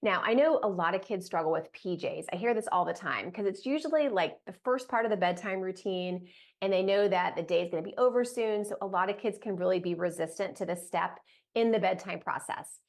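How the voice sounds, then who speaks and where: A woman's voice: mid-range voice, fairly quick. A woman and mother coaching parents on toddler sleep, talking casually to camera with lots of "like" fillers. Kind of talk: direct-to-camera parenting tips.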